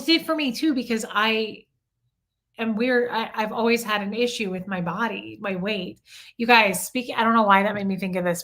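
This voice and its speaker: A woman's voice: medium pitch, fairly bright tone. A woman from Omaha hosting a casual livestream, reading viewer comments aloud and answering them in a candid, confessional way, swearing freely. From Omaha, United States. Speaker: livestream host.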